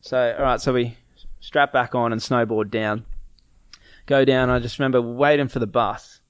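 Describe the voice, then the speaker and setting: A man's voice: medium pitch, steady tone, moderate pace, clean tone, no echo, clean studio sound. A young man casually telling a story, acting out his friends' lines and laughing often.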